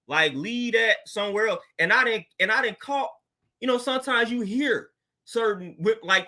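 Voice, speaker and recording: Bright, high-voiced man in casual talk. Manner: laid-back, conversational, laughs often, street slang. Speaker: podcast host. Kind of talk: casual monologue commentary.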